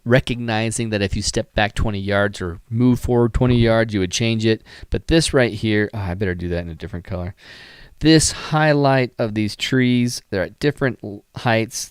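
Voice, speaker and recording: A man's voice: fairly low pitch, clean tone, dry recording. A man hosting a photography live stream, critiquing photos in a rambling, enthusiastic way with many fillers, sighs and yawns. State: tired, yawning.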